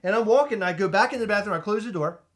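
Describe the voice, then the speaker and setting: A man co-hosting a podcast, telling a comedic story in an animated, excitable way, stumbling over restarts and shouting out retold lines. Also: high-pitched, fast. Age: adult with a child. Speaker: podcast co-host.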